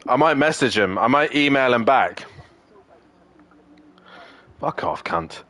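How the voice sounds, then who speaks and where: Young guy streaming racing games, swears nonstop, pitch jumps all over the place. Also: animated, slow pace, fairly bright tone. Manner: sweary, ranting, frequently exasperated. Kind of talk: casual gaming chat with friends.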